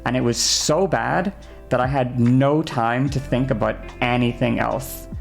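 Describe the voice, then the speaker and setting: A young woman streamer with a gravelly, creaky edge to her voice. She rants heatedly, swears freely and keeps checking in with her audience. Faint music plays behind her. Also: rumbling low, measured pace. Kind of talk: casual stream chat.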